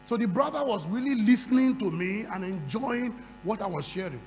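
A man's voice: high-pitched, lively intonation, moderate pace, a little mellow, a little hiss or hum. A man preaching a sermon, calling for responses from the crowd and breaking into speaking in tongues. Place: large hall. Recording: long hall reverb.

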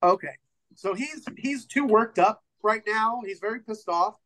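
Halting man running a tabletop game. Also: high-pitched, poor audio. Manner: relaxed, halting narration with fillers. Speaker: game master.

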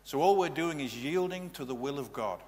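A man's voice: a little high, lively intonation, brisk, a little mellow. A male pastor giving a practical, matter-of-fact teaching sermon in a church. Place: church hall. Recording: reverberant hall, faint hum.

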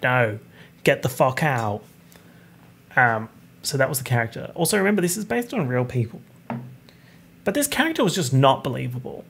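A man's voice: medium pitch, gravelly, slightly rough. A man hosting a solo podcast, chatty and opinionated, swearing freely. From Italian heritage. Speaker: podcast host. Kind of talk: casual solo podcast chat.

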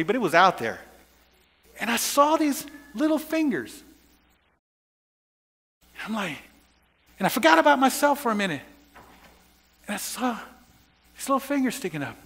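A man preaching a sermon, telling a personal story with laughs and sudden shouts. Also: sits high, in a large hall.

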